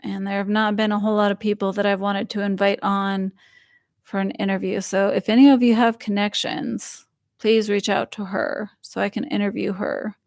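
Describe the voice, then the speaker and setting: A woman's voice: medium pitch, level tone, normal speed, vocal fry, a little mellow, dry recording, studio quality. A young woman hosting a livestream, chatting casually and rambling with fillers while reading viewer comments aloud. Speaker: livestream host reading chat. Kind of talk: casual chat.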